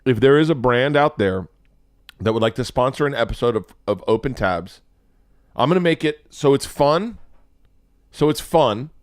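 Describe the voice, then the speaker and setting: A man hosting a show, giving sarcastic, profane running commentary on videos in an animated way. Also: medium pitch, normal speed, pauses often, no echo, studio quality. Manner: animated, sarcastic, swears a lot. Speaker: show host.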